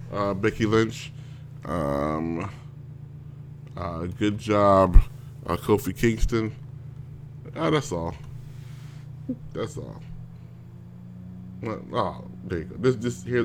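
A man's voice: fairly low pitch, lively intonation, takes it slowly, pauses often, background noise. A man hosting a casual solo show from home, ranting in a rambling way with many fillers and restarts. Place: home with a smart speaker.

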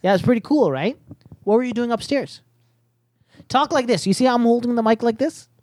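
A woman's voice: a little high, expressive, fairly quick, darkish tone, dry recording. A woman hosting a casual podcast from a headset mic, rambling with lots of fillers and restarts. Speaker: podcast host.

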